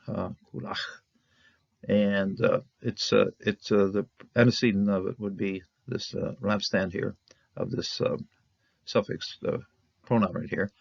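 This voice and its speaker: A man with a low, gravelly voice teaches biblical Hebrew grammar, halting with fillers and restarts. The recording is dull and lo-fi, with a dry, close sound. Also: dry recording. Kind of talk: Bible language lesson.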